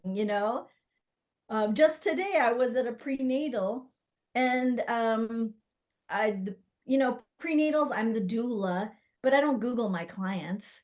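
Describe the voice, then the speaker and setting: A middle-aged woman with a slightly high voice tells stories in a relaxed interview. She is lively, trails off into fillers, and jumps into little acted-out voices for the people in her stories. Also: unhurried. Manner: animated, acts out quoted voices with many fillers. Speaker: guest, doula and spirit baby psychic. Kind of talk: casual storytelling interview.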